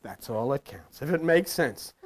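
An older man gives a rambling, folksy sermon to a live room. His voice rises and falls widely as he jokes and teases the congregation. He swings from loud asides to low murmurs. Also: lively intonation, normal speed. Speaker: preacher.

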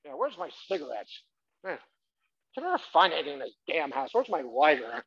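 Man playing an exasperated dad, loud, scolding, grumbling, lo-fi sound. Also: fairly high pitch, big pitch swings, fairly quick, crowd noise. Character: exasperated scolding middle-aged father.

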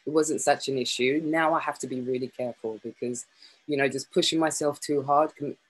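A woman sharing candidly on a group call, halting and hesitant as she speaks. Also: very deep voice, steady tone, husky, low-quality recording.

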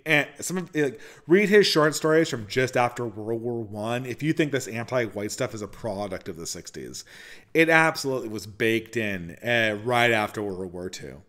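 A man's voice: mid-range voice, animated, moderate pace, a bit bright. A man hosting his channel, answering viewer questions in a casual, opinionated, rambling monologue with frequent restarts.

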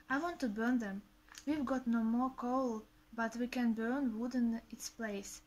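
A woman's voice: on the high side, rough recording. A woman reading a story aloud hesitantly, with fillers and restarts. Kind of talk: reading a graded reader aloud.

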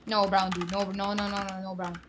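A woman co-player chatting casually during a gaming stream, quick and insistent, often repeating herself. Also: medium pitch, level tone, background noise.

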